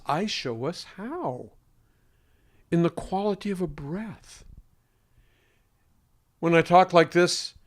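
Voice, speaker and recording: Speaking to an interviewer in a mid-range voice, a male voice coach talks deliberately and emphatically. He uses pointed pauses, and his voice carries a singer's training.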